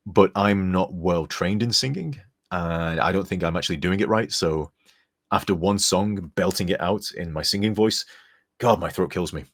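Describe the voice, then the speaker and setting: A man's voice: low-pitched, moderate pace, a bit bright. A young man chatting casually on a live stream, rambling and reading donor messages aloud. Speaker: streamer and modder.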